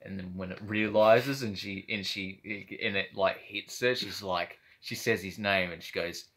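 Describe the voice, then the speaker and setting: A man with a lowish voice chats loosely about a film he saw. He rambles, swears freely and slips into little impressions of what people said. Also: steady tone, a little slow, fairly bright tone. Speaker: movie reviewer. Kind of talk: casual chat.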